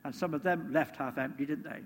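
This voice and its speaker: A man delivers a relaxed, chatty sermon, checking in with his listeners through tag questions. His voice sits a little high for a man. The recording carries a long hall reverb and a faint hum underneath. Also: brisk. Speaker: preacher.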